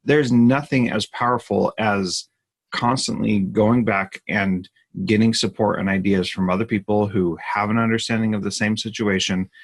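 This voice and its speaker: A man with a husky, low voice speaks in a live Q&A. He talks earnestly and with emphasis, and he often restarts mid-sentence. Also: steady tone, moderate pace. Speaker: podcast host. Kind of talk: live Q&A conversation.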